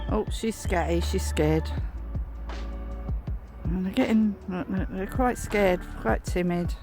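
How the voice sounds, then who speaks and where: A woman's voice: medium pitch, takes it slowly, darkish tone. Woman vlogger, chatty, outdoors, faint music underneath. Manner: chatty, rambling. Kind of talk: casual garden vlog chat. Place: outdoors in a garden.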